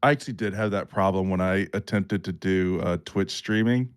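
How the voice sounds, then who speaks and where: Young guy hosting a podcast, lowish voice, joking and cussing a lot. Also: normal speed, clean tone. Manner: joking, swears freely. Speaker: podcast host. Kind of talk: casual chat.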